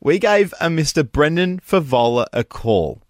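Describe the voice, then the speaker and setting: Aussie guy on breakfast radio, excited and a bit exasperated, lively up-and-down voice. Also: a little high, normal speed, dry recording, clean studio sound. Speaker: radio show co-host.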